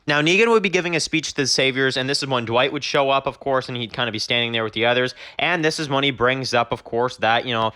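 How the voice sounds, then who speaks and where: A man's voice: medium pitch, fast, hardly any pauses, bright, forceful tone. A man reviewing a TV show, casually retelling a plot and rambling with many fillers.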